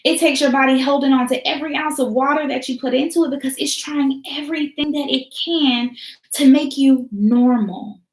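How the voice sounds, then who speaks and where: A woman's voice: sits high, fairly even intonation, moderate pace. Emphatic woman giving a motivational talk. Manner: preachy, emphatic repetition with casual slang. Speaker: teacher hosting a talk session. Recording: roomy echo.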